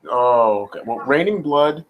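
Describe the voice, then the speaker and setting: A man's voice: medium pitch, animated, unhurried, narrow, tinny audio. A man in a casual gaming chat, wry and teasing with the others. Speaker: guest gamer.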